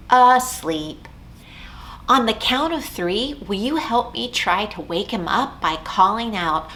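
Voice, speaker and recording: A woman leading a children's storytime as a librarian, singing songs and chanting rhymes in a slow, sing-song way. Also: on the high side, fairly bright tone, slight background noise. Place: library program recorded at home.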